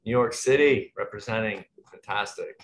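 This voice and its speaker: A man's voice: on the low side, normal speed, a little hiss or hum. A man moderating an online panel, chatty and friendly, rambling with lots of fillers over a video call. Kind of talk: casual webinar hosting.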